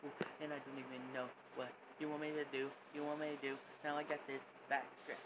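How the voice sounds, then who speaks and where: A man's voice: fairly high pitch, flat delivery, quick pace, hardly any pauses, very noisy. Man chanting a comedic rap parody. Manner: chanting, repetitive, mock-rapping.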